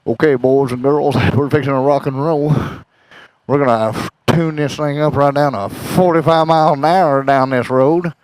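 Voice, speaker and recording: A man's voice: mid-range voice, fairly even intonation, moderate pace, darkish tone, rough recording. A man, rambling and joking as he rides his motorcycle and vlogs. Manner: joking, chatty, wanders off topic. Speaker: motorcycle travel vlogger. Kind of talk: rambling chat while riding. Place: on a motorcycle on the road. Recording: engine and road noise. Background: motorcycle engine and traffic.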